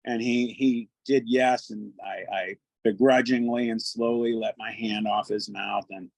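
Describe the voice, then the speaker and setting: A man casually telling a first-person encounter story in a halting way, often repeating his words. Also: on the low side, steady tone, creaky, a little mellow, no echo, rough recording.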